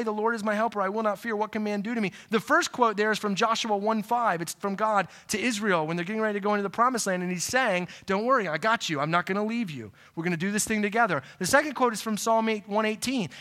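A middle-aged man preaching a sermon in a conversational way, often checking in with "right?" and moving between loud emphasis and quiet asides. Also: high voice. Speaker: pastor.

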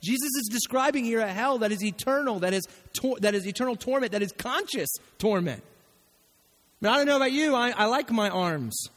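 A man preaching a sermon as pastor, animated and acting out the voices he quotes. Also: extremely high pitch, a little fast, long reverb tail.

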